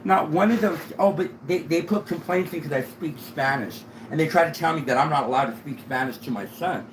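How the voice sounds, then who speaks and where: A high-voiced man making a long, rambling complaint to a sheriff, checking in with "right?" again and again. His voice rings in an echoey room, with a faint hiss under it. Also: a little fast. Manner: rambling, keeps asking "right?".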